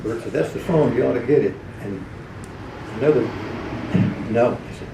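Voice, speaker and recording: Recorded from a distance in a reverberant event hall with slight hiss or hum, a male radio personality shares folksy stories, chuckling and sometimes doing character voices. He speaks at a normal speed in a medium-pitched, dark-toned voice with lively intonation.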